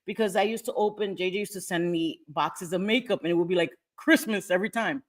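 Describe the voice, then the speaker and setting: A woman's voice: mid-range voice, brisk. Chatty woman livestreaming to viewers. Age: older. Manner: chatty, laughs often, animated. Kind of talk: casual livestream chat with viewers.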